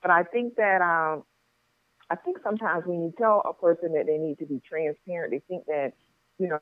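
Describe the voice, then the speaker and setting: A woman guest doctor speaking by phone, measured and earnest, with hesitating "uh"s. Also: low voice, dry recording. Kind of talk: interview answer. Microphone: phone call. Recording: tinny phone line.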